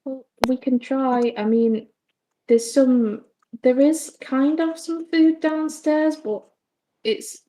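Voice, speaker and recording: A woman's voice: sits high, fairly even intonation, slow, mellow. A woman playing a tabletop game, chatting casually and describing what her character does. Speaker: player.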